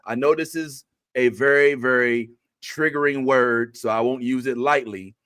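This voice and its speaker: A man's voice: mid-range voice, steady tone, normal speed, fairly bright tone, clean tone, no room sound. A man co-hosting a casual livestream show, arguing his point earnestly and mimicking reporters in a raised voice. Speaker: podcast co-host.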